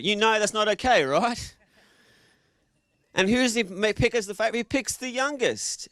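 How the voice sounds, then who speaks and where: Brief: Australian male preacher, higher voice, jokey and casual, dry close sound. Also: sharp tone, clear, resonant tone, dry recording. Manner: joking, casual, quizzes the audience. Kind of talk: interactive sermon to a live congregation.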